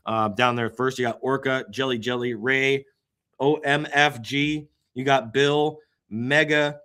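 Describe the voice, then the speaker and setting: A man hosting a casual crypto show, talking through market charts on screen, flipping from low muttering to sudden loud exclamations and an occasional yawn. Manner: excitable, swings between muttering and sudden exclamations; yawning, drawn-out sighs.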